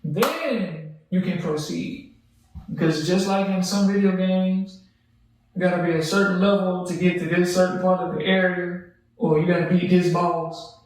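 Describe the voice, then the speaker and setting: Male co-host, laid-back, slightly high voice; distant mic in an echoey room, faint hiss. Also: steady tone, moderate pace. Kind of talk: casual chat.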